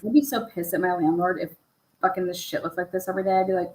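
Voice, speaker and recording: A woman's voice: fairly low pitch, steady tone, fast, reverberant, very noisy. A woman giving casual true crime commentary over case footage. She swears freely and fires off pointed rhetorical questions. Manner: profane, rhetorical, asks many pointed questions.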